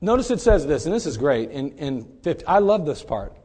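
Male preacher, high voice, animated delivery with rhetorical questions, sermon style. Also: a little fast, husky. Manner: animated, swings from quiet to shouting.

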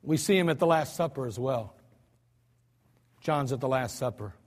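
An American male pastor preaching a storytelling sermon, swinging between soft asides and loud cries. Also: medium pitch, expressive, moderate pace. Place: church sanctuary. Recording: church hall reverb.

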